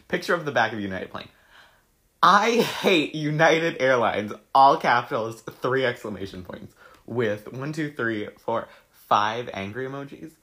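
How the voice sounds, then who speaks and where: His voice is medium-pitched and unhurried as this young man reads his old social media posts in a casual chat. He reacts excitably, laughing at them and swearing.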